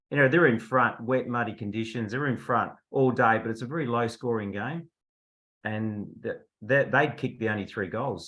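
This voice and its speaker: A man's voice: medium pitch, fairly bright tone. A man, a veteran football umpire, telling anecdotes casually on a video call. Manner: chatty anecdotal storyteller, laughs at his own stories.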